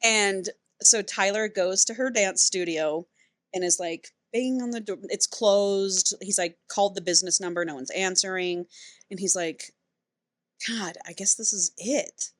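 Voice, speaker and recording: A woman co-hosting a podcast casually recounts the plot of a romance novel, acting out the characters' lines as an animated storyteller. Her voice is mid-range at a moderate pace, with no room sound.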